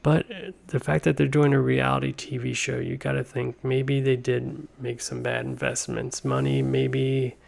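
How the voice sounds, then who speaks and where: A man hosting a comedy podcast, talking in a meandering, deadpan monologue full of tangents. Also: mid-range voice, moderate pace, vocal fry, few pauses. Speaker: podcast host.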